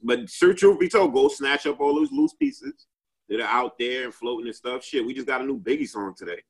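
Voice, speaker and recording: A man's voice: mid-range voice, very animated, fairly quick, creaky, husky, low-quality recording. A man in a casual group chat, talking at length with many fillers and restarts.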